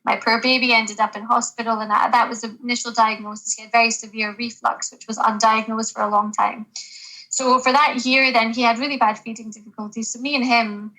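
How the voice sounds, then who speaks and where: A woman doctor talks in a podcast interview with a bright, sharp, fairly high voice held in a narrow, even band. She is earnest and reflective and often restarts her sentences. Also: a little fast. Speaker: GP guest.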